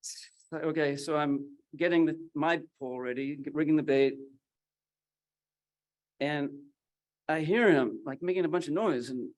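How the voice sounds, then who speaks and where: A man's voice: fairly high pitch, unhurried, long pauses. A man telling a personal story at a memorial, acting out the voices of the people in it. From Northern California. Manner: acts out quoted voices in his story. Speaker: memorial speaker. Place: memorial gathering.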